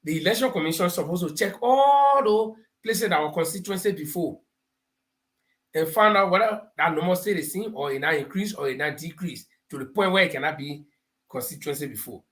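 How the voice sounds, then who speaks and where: On his live talk show, a man with a Liberian English accent comments on politics, laughing through the homespun parables and stories he uses to make his points. His voice is a little high and fairly bright, with lively intonation and a brisk pace.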